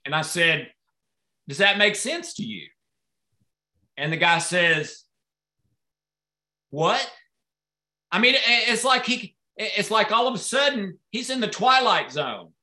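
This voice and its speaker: Man, high voice, very bright and sharp, excitable storyteller. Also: takes it slowly, long pauses. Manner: excitable, acts out dialogue in raised voices. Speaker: host presenting products. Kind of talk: animated storytelling sales pitch. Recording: echoey room.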